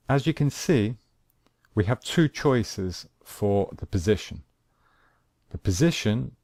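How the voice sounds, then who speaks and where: A man teaching an English grammar lesson, speaking slowly and deliberately and repeating his examples. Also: on the low side, a little mellow, no room sound, studio quality.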